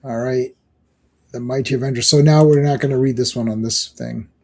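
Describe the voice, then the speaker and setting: A man's voice: medium pitch, steady tone, a little fast, a little mellow. A man hosting a casual comic book chat, rambling with frequent laughs and hummed theme tunes. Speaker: podcast host.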